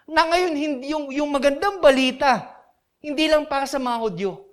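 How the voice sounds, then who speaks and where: A woman's voice: high-pitched, fairly quick. Emphatic Filipino woman preaching. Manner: switches between English and Tagalog, with rhetorical questions; emphatic, repeats key phrases. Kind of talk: sermon.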